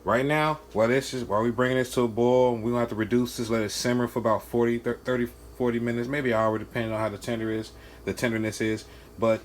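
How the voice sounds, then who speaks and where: A man's voice: medium pitch, steady tone, slight background noise. A man in his home kitchen, playfully talking his nephew through a home-cooked meal in a casual cooking vlog. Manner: playful, joking, with drawn-out sounds and soft asides.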